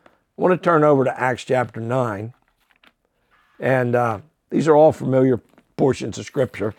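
A male pastor teaches from the Bible in an ordinary mid-pitched voice. He reads verses aloud, then stops to explain them in plain, unpolished talk, with fillers and the odd self-correction. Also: moderate pace, dry recording.

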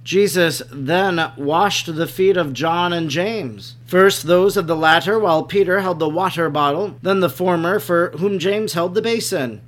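High-voiced male devotional narrator. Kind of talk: scripted narration of a devotional text.

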